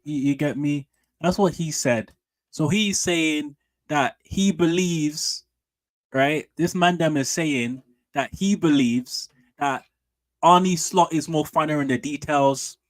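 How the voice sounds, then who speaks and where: A man streaming casual football commentary, animated and opinionated, with slangy repeated asides. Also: a little high, no room sound. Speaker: streamer and fan channel host.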